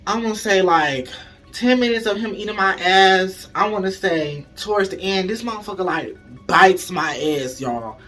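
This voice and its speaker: Man with a high, bright voice, animated and profane, chatty storytime narration, casual vlog. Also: normal speed, faint music behind. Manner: animated, profane, keeps addressing the audience as y'all. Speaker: storytime vlogger.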